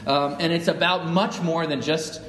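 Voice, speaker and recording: A man's voice: a little high, fairly even intonation, normal speed, fairly bright tone. A middle-aged man preaching a sermon to his congregation, talking conversationally and often asking them questions. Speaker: pastor. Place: church sanctuary. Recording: echoey hall, mic at a distance.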